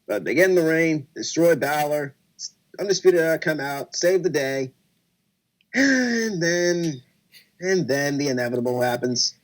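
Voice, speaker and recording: A man co-hosting a casual wrestling podcast, talking excitedly and acting out his own reactions as he recaps a show. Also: on the high side, a little slow. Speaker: podcast co-host.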